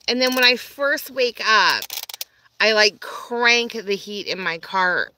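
A woman's voice: mid-range voice, animated, slow pace, pushed and bright, a little hiss or hum. A woman from Canada, chatting on a live stream from her phone, greeting viewers and answering their comments. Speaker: vlogger.

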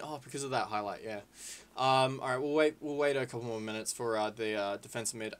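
A man giving casual, excitable gameplay commentary, swearing freely and calling his viewers lads and boys. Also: medium pitch. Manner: excitable, swears a lot, shouts at big moments. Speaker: gaming video creator.

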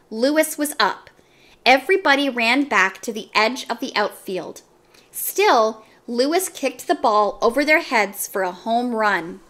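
A woman reading a children's chapter book aloud, with expressive, animated narration. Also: on the high side. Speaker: storybook reader.

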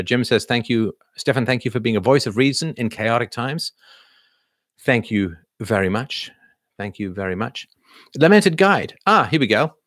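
Male livestream host, lowish voice, dry recording, off-the-cuff Q&A, filler-heavy. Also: fairly bright tone, dry recording. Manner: thinking aloud with many fillers, reading comments in a lifted voice. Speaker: livestream host answering viewer questions. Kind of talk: casual livestream Q&A.

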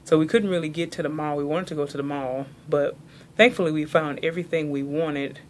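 Speaking a little fast in a low, steady voice, a young vlogger from the American South chats casually in her haul video. She rambles and fills her speech with plenty of "like," over a slight hiss or hum.

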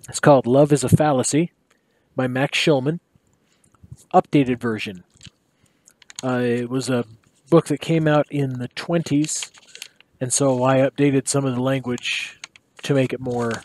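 A man, a teacher, reading a short story aloud in his basement, in a relaxed and lively way with dry humor. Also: medium pitch, no room sound. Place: home basement.

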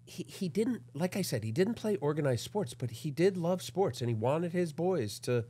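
A man's voice: fairly high pitch, lively intonation, moderate pace, warm tone, slightly rough. Talkative man, rambling friendly chat. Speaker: guest, former pitcher. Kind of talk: casual interview chat.

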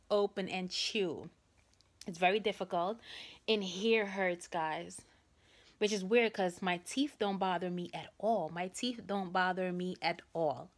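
A young woman vlogging to camera, telling a rambling story and speaking with a sore jaw that makes talking hard. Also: mid-range voice. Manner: chatty, rambling, addresses viewers as guys. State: sore jaw, trouble opening mouth.

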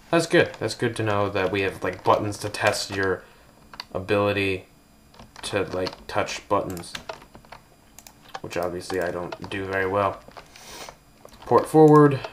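A man with a very deep voice rambles through a casual tour of a game build, tossing out jokes and goofy asides as he goes. Faint keyboard clicks and typing sit under his voice. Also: pushed and bright, a little hiss or hum. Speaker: gameplay video host.

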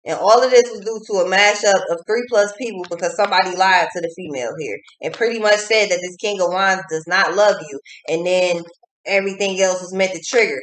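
A woman's voice: mid-range voice, fairly quick, fairly bright tone, a little hiss or hum. A woman giving a casual tarot reading, talking bluntly with lots of swearing and repeating phrases for emphasis. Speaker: tarot reader. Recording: echoey room.

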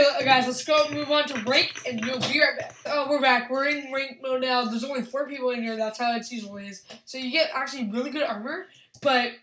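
A young woman giving excitable, rambling commentary over her own gameplay, yelling at opponents. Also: high voice. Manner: excitable, restarts often, yells at opponents. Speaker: gaming channel host. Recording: echoey room with faint background hiss.

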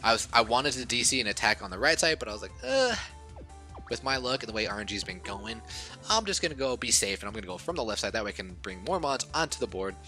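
A man giving casual commentary over a game he recorded, muttering at times and then bursting out loud, and a little short of breath. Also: lowish voice, fast talker, soft background music. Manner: excitable, swings from mumbling to outbursts. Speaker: gaming YouTuber.

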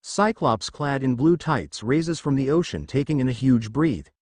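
A man reading scripted fan-fiction narration in a steady read-aloud way. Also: medium pitch, normal speed, no echo.

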